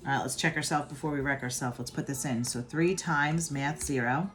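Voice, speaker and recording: A woman's voice: extremely low pitch, a little fast. A middle-aged woman giving a chatty, playful math lesson from home, talking through each step. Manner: chatty and playful, with hype catchphrases. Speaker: math teacher. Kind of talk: casual video math lesson.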